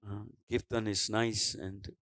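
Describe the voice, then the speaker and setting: A man's voice: fairly low pitch, little pitch movement, measured pace, a bit bright, dry recording, poor audio. A man with an Indian English accent giving a devotional scripture class, telling a story and voicing its dialogue with many restarts and fillers.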